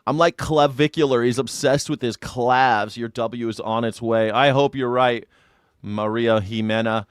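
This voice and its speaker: A man hosting a live reaction stream in a casual, joking way, poking fun at headlines and at himself. His voice sits at a middle pitch and sounds dry and close, with no room around it. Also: unhurried, clean tone, no room sound. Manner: joking, mocking, self-deprecating, swears freely. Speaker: host of a live news reaction show. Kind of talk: casual livestream commentary.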